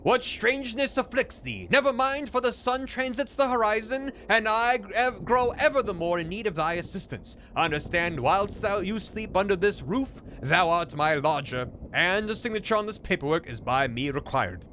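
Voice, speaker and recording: Man putting on a haughty, old-fashioned landlady; pitched up, lively, grand archaic phrasing. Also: normal speed, hardly any pauses, slight background noise. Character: formal archaic-speaking woman landlord.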